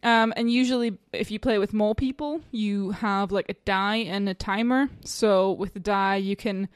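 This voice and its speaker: A woman's voice: mid-range voice, fairly even intonation, moderate pace, smooth, no room sound. A woman co-hosting a podcast in casual chat, chatty and self-deprecating, laughing often. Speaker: podcast co-host.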